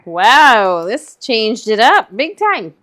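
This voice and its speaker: A woman's voice: on the high side, sing-song, takes it slowly, a bit bright. Chatty, laughing female co-host. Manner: chatty, laughs easily, rambling asides. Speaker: co-host painting along. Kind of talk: casual chat during a painting livestream.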